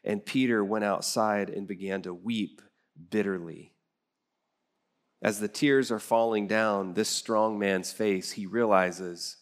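Speaking slowly in a steady, lowish voice, a middle-aged pastor delivers a sermon built on stories. He acts out the quoted voices of the characters as he goes.

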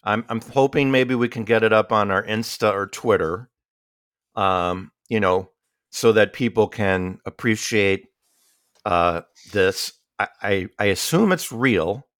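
Here a podcast co-host, a man with a fairly low, slightly bright voice, talks a little slowly in a loose, rambling way, with lots of fillers and restarts. His tone is clear and resonant, and the studio recording is dry and clean.

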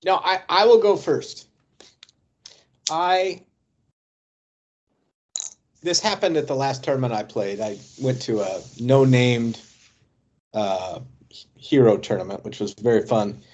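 A man co-hosts a casual hobby podcast in an easygoing, matter-of-fact way. His voice is husky and a little breathy, sitting at an ordinary middle pitch. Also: lively intonation, slow pace, pauses often, darkish tone. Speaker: podcast co-host. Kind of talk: casual chat about tabletop wargaming.

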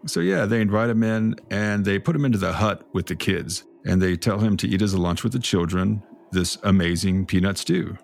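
A man co-hosting a podcast, telling folk tales in a relaxed, jokey way with dramatic read-aloud narration. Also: fairly low pitch, normal speed, creaky, few pauses. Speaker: podcast co-host. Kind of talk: casual storytelling chat.

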